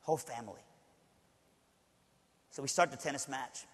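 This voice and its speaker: A man's voice: medium pitch, normal speed, fairly bright tone, slightly rough. A male preacher from Alabama telling a personal story in a sermon, talking conversationally with frequent asides to the audience. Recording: long hall reverb.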